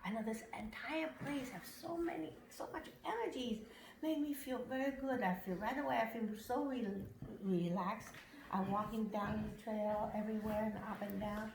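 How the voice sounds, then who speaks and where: A woman from Washington state giving a casual testimonial about her camp visit. She talks in broken English, laughs often and gets excited easily. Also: fairly high pitch, moderate pace. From Washington state, USA. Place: upstairs room at a camp. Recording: roomy echo, faint noise.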